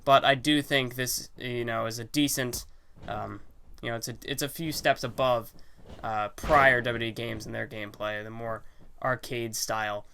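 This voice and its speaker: A man's voice: mid-range voice, steady tone, moderate pace, creaky, bright, forceful tone, a little hiss or hum. A young man giving casual, rambling commentary on a wrestling video game, full of fillers and self-corrections. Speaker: gaming channel host. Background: game music.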